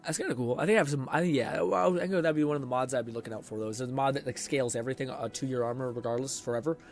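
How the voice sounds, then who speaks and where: A hoarse man casually commenting on a game as he streams it, rambling, swearing freely and reading chat messages aloud. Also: mid-range voice, very fast, faint music behind.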